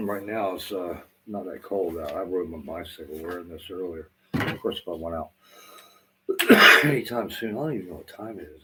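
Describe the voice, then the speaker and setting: A man's voice: low-pitched, normal speed, pushed and bright, low-quality recording. A middle-aged man from Southwest Florida with a Southern accent, rambling casually to the camera with lots of fillers and cursing. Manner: meandering, swears freely, lots of fillers. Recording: faint background noise.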